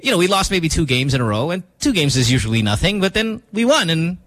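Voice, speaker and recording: A man's voice: fairly high pitch, fast, dry recording. A man co-hosting a morning radio show, telling stories in a casual, self-mocking way with lots of fillers. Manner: animated, self-mocking storytelling with many fillers.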